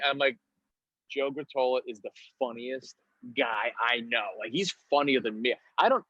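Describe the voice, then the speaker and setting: New York comedian telling prank stories. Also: male voice, medium pitch, normal speed, sharp tone, dry recording, lo-fi sound. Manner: acts out prank calls in put-on voices, laughs often. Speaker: comedian guest. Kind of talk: casual podcast interview, storytelling.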